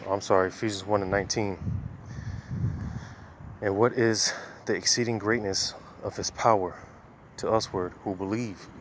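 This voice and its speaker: A man's voice: fairly low pitch, fairly even intonation, normal speed, background noise. Casual male street preacher, slightly winded. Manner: casual, conversational, many fillers. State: slightly out of breath while walking. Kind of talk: informal outdoor preaching. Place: outdoors, walking by traffic.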